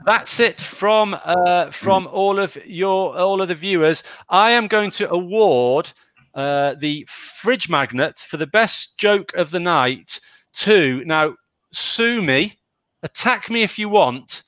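A man's voice: high-pitched, lively intonation, slow, a bit bright, no room sound. A man from Wales hosting a casual live show, reading out viewers' jokes with laughs and stumbles. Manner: chatty, laughs at the jokes, stumbles over names. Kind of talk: casual live-stream chat.

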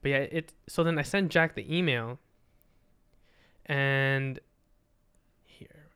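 A man's voice: a little high, a little fast, fairly bright tone, clear, resonant tone. A young man, a podcast guest, telling a story in casual chat, swearing often and acting out dialogue.

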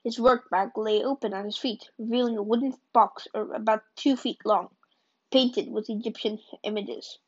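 Higher-voiced woman reading a book chapter, plain delivery with slips, dull lo-fi recording. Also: fairly even intonation, normal speed, darkish tone, slightly rough. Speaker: reader of a novel.

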